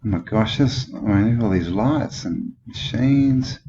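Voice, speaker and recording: Australian male host, low voice, skeptical thinking-aloud commentary, muffled lo-fi track with audible hiss. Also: unhurried. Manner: musing, skeptical, thinks aloud with many questions. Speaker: channel host. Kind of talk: rambling commentary over old photos. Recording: dull lo-fi with clear background noise.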